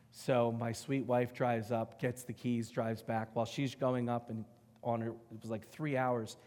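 Man, middle-aged pastor, sermon storytelling, emphatic and animated, echoing church hall. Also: medium pitch. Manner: animated, emphatic storyteller who swings between loud and hushed. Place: church sanctuary.

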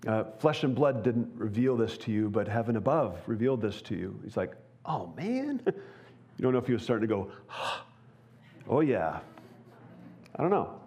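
A pastor with a fairly low, darkish voice preaches a sermon at church in a brisk, earnest manner. His conversational delivery leans on rhetorical questions.

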